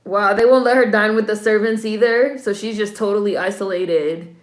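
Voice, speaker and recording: Vlogger, woman; casual wry reaction talk, medium pitch, roomy echo. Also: normal speed. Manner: chatty, wry asides with slang. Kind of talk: casual movie-watching commentary.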